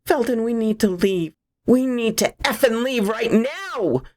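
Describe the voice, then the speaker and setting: A woman's voice: fairly high pitch, expressive, unhurried, darkish tone, no echo, pitched above the performer's own voice. A woman voicing a terrified young woman who urgently demands answers. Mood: panicked. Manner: urgent and insistent.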